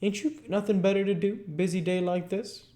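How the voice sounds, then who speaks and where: A man voicing a stubborn, nagging middle-aged landlady with a sharp tongue. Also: sits high, fairly even intonation, normal speed, voice pushed up, natural voice. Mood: scolding.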